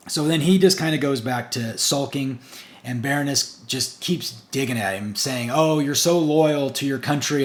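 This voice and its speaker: A man casually recapping a comic book issue, stringing events together in long run-on sentences. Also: medium pitch. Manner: chatty, recounts the plot in long run-on strings with "and" and "basically".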